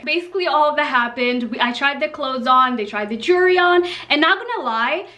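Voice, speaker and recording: A young woman telling a story in a casual, animated, slang-filled vlog. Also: high-pitched. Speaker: vlogger.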